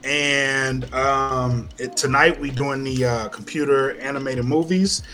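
A man's voice: mid-range voice, steady tone, slow pace, bright, forceful tone, faint music behind. A man from Louisiana with a Louisiana accent, co-hosting a casual podcast and ranting with heavy profanity and lots of repeated phrases. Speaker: podcast co-host.

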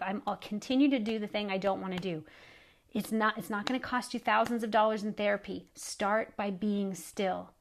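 A middle-aged woman hosting a faith podcast, speaking earnestly and pleadingly, often repeating phrases for emphasis. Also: mid-range voice. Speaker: podcast host. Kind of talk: faith-based encouraging talk.

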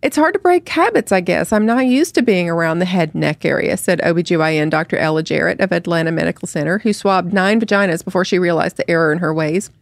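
A woman's voice: lowish voice, quick pace, vocal fry, few pauses, no room sound. A woman co-hosting a podcast, chatting casually and reading a satire article aloud, laughing often. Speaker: podcast co-host.

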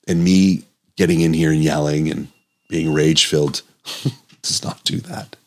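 A man's voice: rumbling low, flat delivery, brisk, gravelly, breathy edge. A man hosting his own health podcast as a doctor, speaking in an earnest, emotional, pleading monologue.

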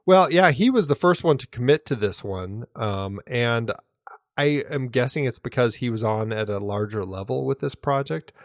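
Chatting eagerly about a film on a podcast, this male co-host keeps restarting sentences. He has a medium pitch, lively intonation and normal speed, captured in studio quality with no room sound.

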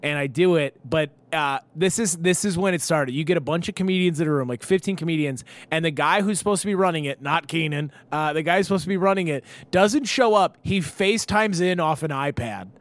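A man's voice: a little high, fairly quick, few pauses, no echo. A man, a comedian, telling long profane stories in casual podcast chat, with plenty of fillers. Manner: rambling, profane storytelling with many fillers.

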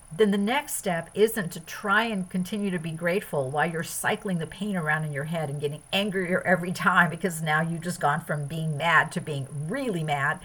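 A woman's voice: deep voice, moderate pace, fairly bright tone, low-quality recording. A woman hosting a podcast, giving an earnest spiritual self-help talk that runs through long lists of phrases. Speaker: podcast host.

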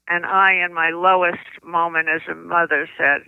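An older woman, a children's book author, telling stories in an interview, with halting speech and frequent restarts, on slightly muffled lo-fi audio. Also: lowish voice, fairly even intonation, clean tone, no echo. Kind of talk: conversational interview storytelling.

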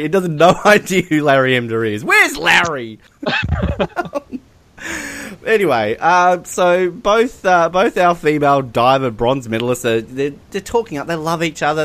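A man co-hosting a casual comedic podcast, animated and prone to laughing. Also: a little high, unhurried. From Australia. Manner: animated and giggly, often breaks into laughter. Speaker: podcast co-host.

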